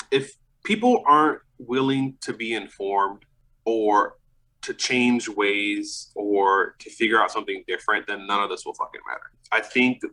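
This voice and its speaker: Young man, bright forceful voice, casual profane chat, frequent laughs, podcast guest. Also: fairly low pitch, rough recording. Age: young adult. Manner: loose, profane, laughs often, restarts. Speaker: podcast guest, vintage clothing seller.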